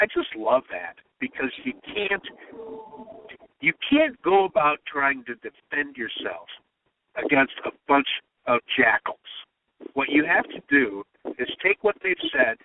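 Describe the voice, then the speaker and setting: A man's voice: fairly high pitch, no room sound. A man who writes political humor, telling anecdotes and mimicking the people he quotes. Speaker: comedy writer. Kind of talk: storytelling interview talk. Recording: tinny phone-line sound.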